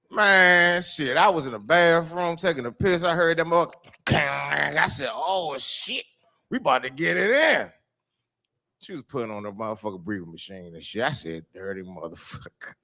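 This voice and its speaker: A man doing a stand-up comedy set, telling a loose rambling story with lots of filler and swearing, breaking into shouted quoted voices. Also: fairly high pitch, lively intonation, normal speed, vocal fry. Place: live comedy show venue.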